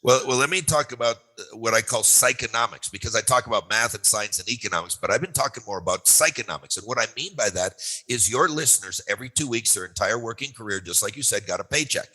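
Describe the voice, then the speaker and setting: A man in his sixties talks as a guest expert with a quick, bright delivery. He drives his points home with punchy repeated phrases and rhetorical questions, and his voice sounds forceful and fast. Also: medium pitch, husky, poor audio. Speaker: retirement income author and guest. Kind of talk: animated explanation.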